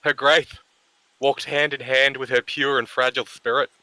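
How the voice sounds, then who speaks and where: A man's voice: medium pitch, level tone, normal speed, pushed and bright, dry recording, poor audio. An Australian man giving a mocking dramatic poetry reading with crude, teasing banter. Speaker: co-host on a group stream.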